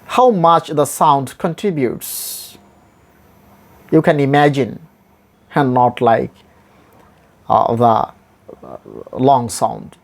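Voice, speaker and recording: A man teaching English vowel sounds, repeating each example word slowly and deliberately in stressed drills. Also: mid-range voice, vocal fry. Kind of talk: pronunciation lesson.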